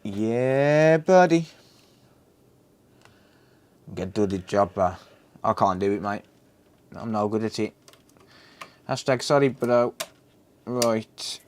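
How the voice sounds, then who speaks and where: A man's voice: lowish voice, measured pace, long pauses, slight background noise. A man chatting casually and joking with his live chat while repairing a console, swearing freely.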